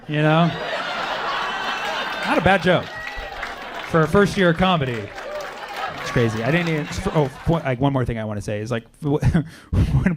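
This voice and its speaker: A man doing a stand-up comedy set on a club stage, riffing with the audience and punching up his lines. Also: on the high side. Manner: conversational, riffing with the crowd, loud punchlines. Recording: live club recording with crowd noise and laughter.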